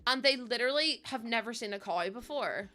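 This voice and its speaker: A young woman chats away on her livestream, giggly and rambling, full of little fillers. Her voice sits a touch high and comes across bright and forward. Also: animated, fairly quick, faint music behind. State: heavily pregnant. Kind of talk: casual chat while building in a game.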